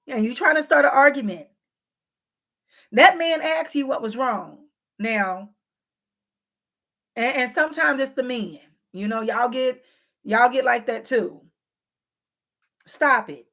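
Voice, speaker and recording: A woman's voice: a little high, lively intonation, unhurried, long pauses, fairly bright tone. A woman talking straight to her viewers in a casual advice vlog, frank and teasing, acting out both sides of everyday arguments. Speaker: relationship advice vlogger.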